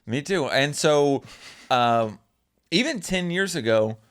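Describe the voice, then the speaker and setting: A man's voice: a little high, expressive, takes it slowly, fairly bright tone. A man co-hosting a casual podcast at home, rambling with lots of "like" and "um". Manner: rambling, hesitant, full of "like" and "um". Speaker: podcast co-host. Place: room at home. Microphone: mic on a stand.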